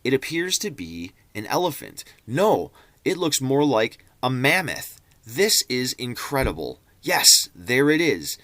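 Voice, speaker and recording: A man reading a diary aloud in a theatrical way, even speaking the punctuation marks. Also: mid-range voice, measured pace, few pauses, no echo. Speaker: reader.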